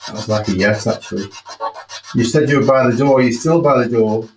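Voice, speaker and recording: Man, ghost hunter, half-hushed questioning, roomy echo of a large old building. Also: mid-range voice, a little fast. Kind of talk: live paranormal investigation.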